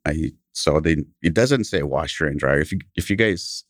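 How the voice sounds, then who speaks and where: A man from Kenya with a British accent, a company founder telling stories as a podcast guest, animated and chuckling between anecdotes. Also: extremely low pitch, moderate pace, no room sound, clean studio sound. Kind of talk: casual interview storytelling.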